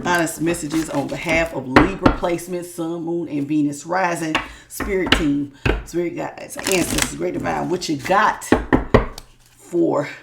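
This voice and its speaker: A woman's voice: low voice, gravelly, heavy background noise. A woman from the South, doing a chatty tarot reading while sick with a sore throat. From Southern United States. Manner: chatty, folksy, calls listeners y'all and baby. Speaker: tarot reader. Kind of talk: casual spiritual reading.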